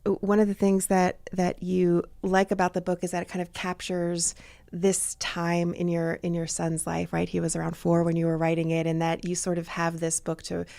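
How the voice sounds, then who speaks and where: A woman hosting an interview, asking questions in a halting way with restarts. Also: on the low side, completely flat delivery, gravelly, dark tone. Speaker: podcast host.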